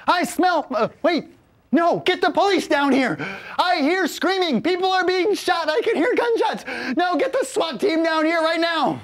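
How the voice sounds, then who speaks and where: A frantic, shrill aunt , as a male storyteller puts her on, yelling down the line in a high, jumpy voice that leaps all over the place. She is a panicky middle-aged woman from a comic spoken story. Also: expressive, a little slow, exaggerated voice. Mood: panicked. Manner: frantic, shrill, escalating shouts.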